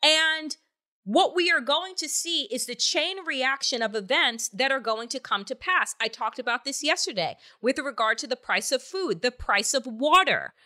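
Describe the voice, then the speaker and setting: A woman hosts a political podcast in a high, expressive voice that's pushed and bright, speaking at normal speed. Her commentary is angry and emphatic, loaded with profanity and rhetorical questions.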